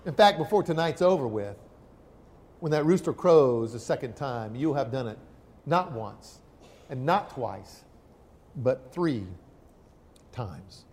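A man voicing Jesus as a calm teacher foretelling betrayal, in plain conversational speech. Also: mid-range voice, slow, long pauses, pitched below the performer's own voice. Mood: solemn. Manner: earnest, conversational retelling. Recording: long hall reverb.

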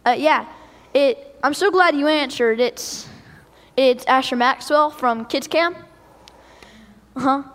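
A woman playing an eager, creative young boy in a church skit, talking in a chatty, excitable way. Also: sits high, slow pace, long pauses, big-room sound.

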